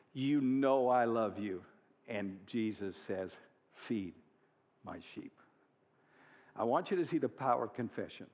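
A pastor preaching a sermon, moving from quiet storytelling to loud, fervent exhortation. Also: male voice, medium pitch, long reverb tail. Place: church hall.

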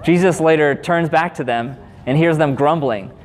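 A man in his thirties preaching a sermon as pastor, in a conversational, animated way with casual asides. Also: a little high, moderate pace. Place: church sanctuary. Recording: long hall reverb, faint background noise.

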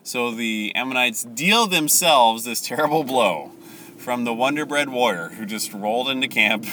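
Man, bright voice, casual Bible teacher, animated, self-correcting. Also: medium pitch, moderate pace, slight background noise. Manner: animated, laughing, corrects himself.

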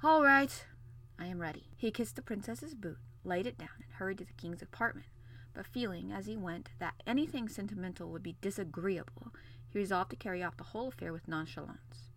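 A woman's voice: mid-range voice, fairly quick, a little hiss or hum. A woman hosting a podcast, reading a classic novel chapter aloud. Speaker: podcast host and reader.

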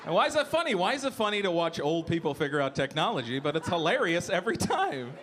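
A man in his thirties performing a stand-up comedy set, animated and jumping into shouted voices for jokes. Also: on the high side, fast, some chatter behind. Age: 30s. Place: comedy club stage.

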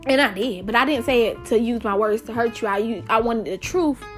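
A woman's voice: a little high, fairly quick, soft background music. A young woman hosting a casual solo podcast, talking in a chatty, emphatic way and calling her listeners y'all. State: out of breath. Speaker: podcast host.

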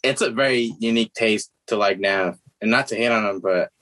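A man's voice: on the low side, a little fast, bright, forceful tone, poor audio. A young man co-hosting a podcast, telling loose, profane, rambling stories in casual chat.

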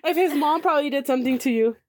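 Young woman podcast co-host; high, joking, teasing delivery. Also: racing, a little mellow. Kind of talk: casual chat.

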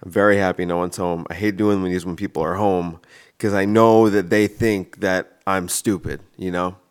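A man with a slightly low voice rambles through a solo comedy monologue. He jokes loosely and pokes fun at himself, talking into a microphone alone in his kitchen. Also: fairly even intonation, moderate pace, clear, resonant tone. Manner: rambling, self-mocking, jokey. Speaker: comedian and podcast host. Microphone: studio-style microphone.

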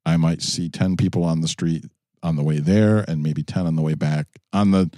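A man from New York with a New York accent, co-hosting a casual chat with dry, wry, measured replies. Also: rumbling low, fairly even intonation, dark tone, no room sound. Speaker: podcast co-host. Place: in a car.

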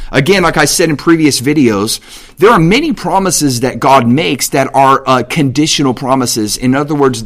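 Male Bible teacher, casual and animated, middle pitch, conversational podcast teaching. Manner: animated, paraphrases God in everyday speech.

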